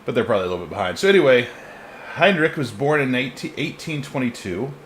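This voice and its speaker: A man's voice: medium pitch, lively intonation, fast talker, a bit bright, a little hiss or hum. A man hosting a live history podcast in a casual, joking way, often laughing between points. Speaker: podcast host presenting the topic.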